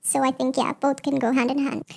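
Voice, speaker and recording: A woman with an Indian accent answering speaking test questions, pausing and hesitating as she forms her ideas. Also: high voice, level tone, gravelly, a little mellow. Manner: hesitant, many fillers and restarts while forming ideas. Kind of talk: spoken exam answers.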